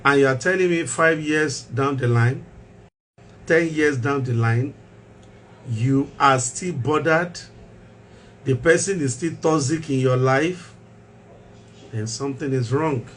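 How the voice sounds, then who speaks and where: A man's voice: medium pitch, slow pace, pauses often, a bit bright, slight background noise. Emphatic male mental health show host. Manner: emphatic, repeats key phrases, rhetorical questions.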